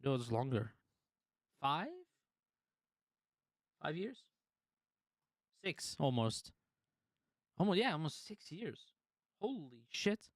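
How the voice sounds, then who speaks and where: A man's voice: on the high side, sing-song, slow pace, long pauses, no echo, studio quality. A man streaming live, casually chatting to his viewers and telling a story, swearing freely and laughing often.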